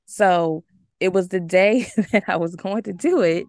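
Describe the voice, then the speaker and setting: A woman from the United States telling a story as a podcast guest, chatty and animated, full of "like" and laughter. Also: fairly low pitch, a little slow, no room sound, studio quality. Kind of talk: casual storytelling.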